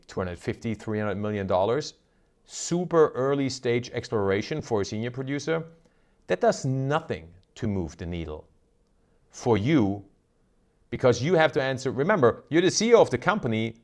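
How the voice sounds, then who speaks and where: A man's voice: mid-range voice, very animated, moderate pace, a little mellow. A man hosting an investment video, talking casually and emphatically, often tagging on rhetorical "right?" questions. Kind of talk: casual market commentary to camera.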